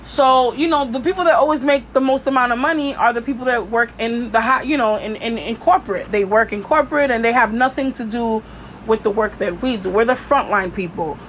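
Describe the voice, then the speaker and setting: A woman's voice: on the high side, brisk, a bit bright, slight background noise. Blunt, profane woman podcaster venting. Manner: blunt, profane, lots of "you know". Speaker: podcast host. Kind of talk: casual venting monologue.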